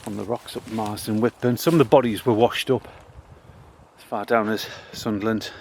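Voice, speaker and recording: A man's voice: on the low side, fairly even intonation, vocal fry, a little mellow, a little hiss or hum. Breathless man on an outdoor history walk. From North East England. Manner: reads old headstone inscriptions with pauses and restarts. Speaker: local history vlogger. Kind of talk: casual walking tour commentary. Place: outdoors in a cemetery.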